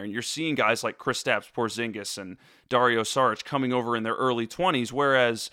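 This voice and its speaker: Bright-voiced man in casual sports chat. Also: medium pitch, steady tone, moderate pace, no echo, studio quality. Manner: rambling, lots of "you know" fillers. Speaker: basketball talk co-host.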